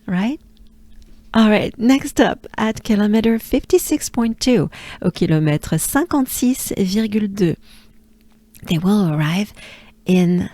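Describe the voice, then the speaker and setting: Slow, patient French woman teaching pronunciation. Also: on the low side, no room sound. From France. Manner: repeats words slowly, drops to soft breathy demonstrations.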